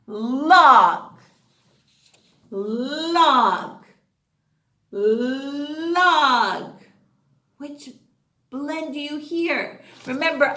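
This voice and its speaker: A woman teacher leading an online phonics lesson for young children, drawing out each word slowly and cheering them on. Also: high-pitched. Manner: slow, drawn-out word modeling with lively cheering. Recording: echoey room.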